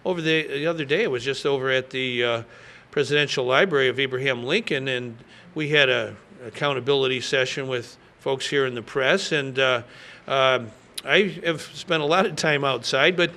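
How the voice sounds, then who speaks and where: Governor at a press conference: man in his sixties, slightly high, bright, forceful delivery, folksy and emphatic, lots of "uh". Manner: folksy, emphatic, frequent fillers. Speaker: state governor.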